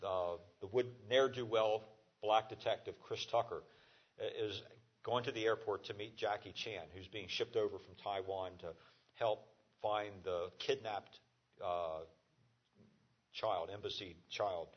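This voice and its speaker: Halting man preaching a sermon. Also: fairly low pitch, fairly even intonation, highs cut off. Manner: conversational, halting, many fillers and restarts. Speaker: pastor.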